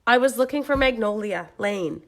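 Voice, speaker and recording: A slightly high, animated, somewhat bright voice belongs to a woman running a casual live crafting stream while sick with a cold. At a moderate pace she chats with viewers in a flustered way, drifting away from the camera.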